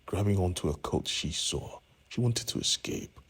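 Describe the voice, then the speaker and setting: A man's voice: deep voice, lively intonation, normal speed, fairly bright tone, breathy edge. A man casually retelling a comic story, conversational, with asides to the listener. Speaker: comic recap narrator.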